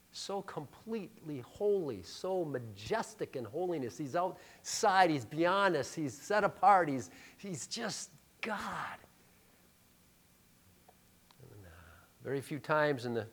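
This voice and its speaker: A male pastor preaching a sermon, emphatic and full of rhetorical questions, dropping to a hush and then rising loud. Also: fairly high pitch.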